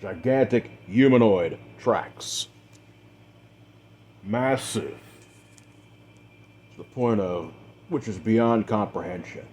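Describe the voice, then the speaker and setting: A man acting as game master, narrating a tabletop role-play story in a measured, dramatic way with the odd filler. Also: on the low side, a little mellow, slight background noise.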